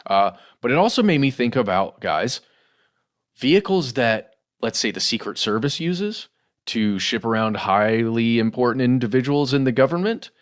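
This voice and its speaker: A man's voice: medium pitch, lively intonation, moderate pace. A middle-aged man co-hosting a podcast, talking through news stories in a loose conversational way and calling listeners "guys" and "y'all.". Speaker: podcast co-host. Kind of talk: casual news discussion.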